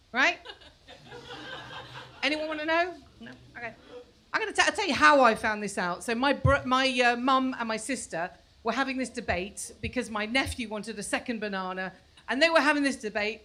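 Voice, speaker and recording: A woman in her forties doing a stand-up comedy set on a club stage, chatty and self-mocking, sometimes mimicking her kids in shrill voices. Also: a bit bright. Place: comedy club stage before a live audience.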